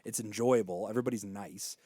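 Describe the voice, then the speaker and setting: A man's voice: lowish voice, fast, mellow, husky, dry recording, clean studio sound. An American man hosting a podcast, chatting enthusiastically and teasing his guests. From United States. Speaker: podcast host. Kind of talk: casual chat.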